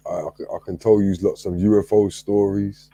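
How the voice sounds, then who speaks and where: Male show host, low mellow husky voice, relaxed, dry sound. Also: brisk, no echo. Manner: laid-back, addresses the audience directly. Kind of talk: casual chat.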